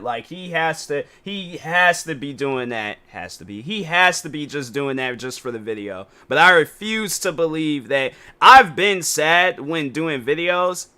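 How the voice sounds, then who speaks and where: Bright, animated man ranting on stream. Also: a little high. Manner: rambling, incredulous, many fillers and restarts. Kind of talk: casual reaction stream commentary.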